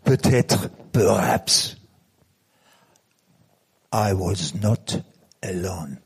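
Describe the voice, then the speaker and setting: A man voicing an older, philosophical Catalan chain-smoker with a French accent, speaking slowly in a hushed, deliberate way. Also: low-pitched, expressive, vocal fry, breathy edge, voice pushed down, exaggerated voice. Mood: wistful. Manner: slow, hushed, deliberate phrasing.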